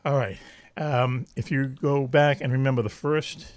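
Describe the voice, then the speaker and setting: A man's voice: medium pitch, fairly even intonation, unhurried, no room sound. Rambling male podcast host, dry sound. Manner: rambling storyteller, chuckles often. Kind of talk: casual chat.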